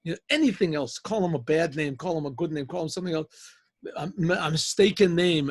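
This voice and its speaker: A man's voice: a little high, a little fast, slightly rough, no room sound. A man, a rabbi, telling a story in a rambling, conversational way with many restarts, speaking over a video call. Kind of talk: storytelling talk.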